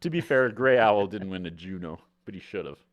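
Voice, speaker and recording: A man's voice: low voice, expressive, brisk, dull audio. A man co-hosting a podcast in casual chat, rambling with many filler words. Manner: rambling, full of filler likes. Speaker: podcast co-host.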